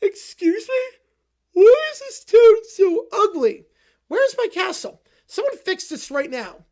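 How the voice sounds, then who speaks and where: A man's voice: very high voice, sing-song, slow, dark tone, voice pushed up, full character voice. A man voicing a whiny, bratty little kid who complains about everything and sounds close to tears. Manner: whining, complaining, near tears.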